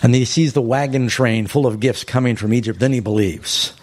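A man preaching a sermon, telling a story with animated bursts of emphasis. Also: mid-range voice, fairly quick.

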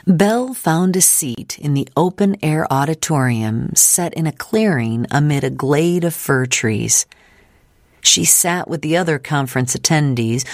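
A woman narrates an audiobook in a low, grounded voice, keeping a steady and measured storytelling pace. The recording is dry and close, with no room sound around her. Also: no room sound.

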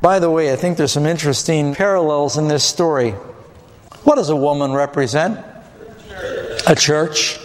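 A man's voice: a little high, moderate pace, pauses often. Preacher man in a reverberant hall. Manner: asks the audience questions and answers them himself. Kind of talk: sermon.

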